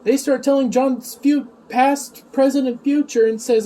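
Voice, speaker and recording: A man's voice: very high-pitched, steady tone, unhurried, few pauses, mellow. A man reviewing a TV episode in a rambling, sarcastic casual recap, recorded on a distant mic with faint background noise.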